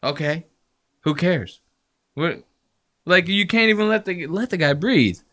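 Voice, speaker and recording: A man hosting a podcast, telling stories in a loose, profane, animated way and mocking people with quick impressions. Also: on the high side. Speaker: podcast host. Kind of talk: casual podcast banter.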